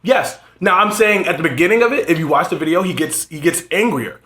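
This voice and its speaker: Fast-talking bright-voiced man. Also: on the high side. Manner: argumentative, talks fast and insists. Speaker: podcast co-host. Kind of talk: casual chat. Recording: echoey room.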